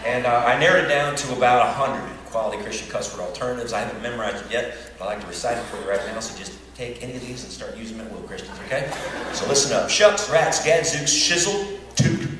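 A man performing a stand-up comedy routine, playfully rattling off a rapid list of mild swear words. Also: medium pitch. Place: live comedy venue with audience. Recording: echoey stage audio from far off, loud crowd laughter and noise. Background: laughing audience.

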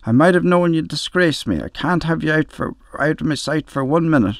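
A man's voice: expressive, fairly quick, dry recording, studio quality. A man voicing an angry, bossy older sister who scolds her little brother. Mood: scolding. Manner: scolding, shrill.

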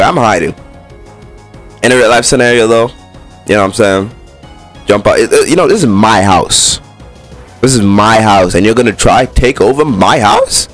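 A man with a fairly low voice gives jumpy let's play commentary, arguing with the game as he plays. His pitch leaps around a lot as he flips between cocky bravado and scared outbursts. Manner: jumpy, talks back to the game, swings between boasting and panic. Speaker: gaming YouTuber.

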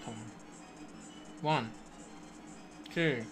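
A woman streaming a video game, chatting casually with her viewers, pleading with the game and bursting into excited shouts. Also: extremely low pitch, extremely slow, music in the background. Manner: chatty, greets and answers chat, pleads with the game. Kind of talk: casual live-stream commentary while playing.

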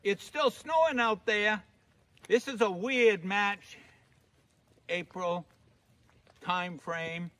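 A man's voice: sits high, takes it slowly, pauses often, sharp tone, no echo. A middle-aged man with a Maine accent telling folksy comic stories in a drawling, down-home way, recorded outdoors in snowy woods. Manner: drawling, down-home, leans into voices for characters. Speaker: humorist storyteller.

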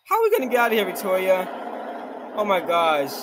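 A man's voice: sits high, huge pitch swings, fairly quick, long pauses, a bit bright, slight background noise. A man giving jumpy gameplay commentary, exclaiming often and reading game text aloud. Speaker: game streamer.

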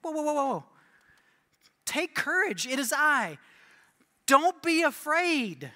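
A man preaching who acts out a calm, commanding male teacher, soothing and gently rebuking, in a church hall with long reverb. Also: very high voice, takes it slowly, pitched above the performer's own voice, exaggerated voice.

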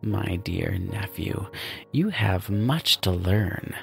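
A man voicing a pompous, self-praising male demon boss who talks down to his nephew in a grand, drawn-out way. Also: fairly low pitch, big pitch swings, faint music behind.

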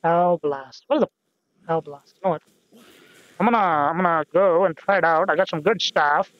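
This young man's let's-play commentary wanders, mixing self-mockery, casual cursing and musings. His voice is a little high at a moderate pace, in a muffled recording with no room sound.

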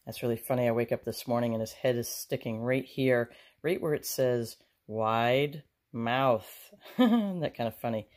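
Excitable low-voiced woman. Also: measured pace, low-quality recording. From United States. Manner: chatty, excitable, lots of exclamations. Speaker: home and garden vlog host. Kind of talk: casual vlog chat while cooking. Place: home kitchen.

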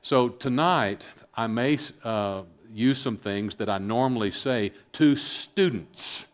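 A middle-aged man giving a filmed public talk, speaking earnestly and haltingly with many fillers, calm and reflective. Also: medium pitch. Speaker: speaker on suicide prevention.

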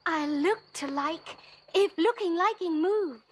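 A demure, dutiful young noble daughter in a classical drama. She speaks softly in a very high voice, answering in modest, careful verse. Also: takes it slowly.

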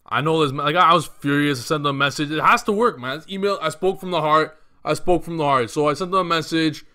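Indignant high-voiced young man ranting. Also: quick pace, bright, forceful tone, dry recording. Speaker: YouTube gaming channel host. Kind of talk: ranting vlog to camera.

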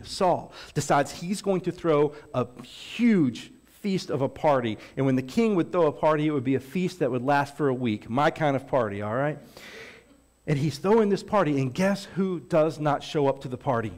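A male pastor preaching a sermon, telling a story with animated asides and acting out the characters' lines. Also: a little high. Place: church stage.

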